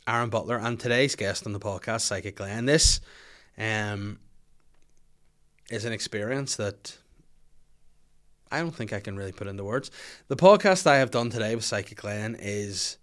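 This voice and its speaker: Joking podcast host. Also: male voice, lowish voice, moderate pace, a bit bright. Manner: joking, teasing, laughs often. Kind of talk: casual podcast chat.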